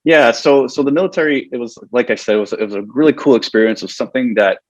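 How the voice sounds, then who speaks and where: A man's voice: medium pitch, quick pace, no echo, dull audio. A man in his forties, a guest on an interview podcast, telling stories casually, laughing often and restarting his sentences. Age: 40s.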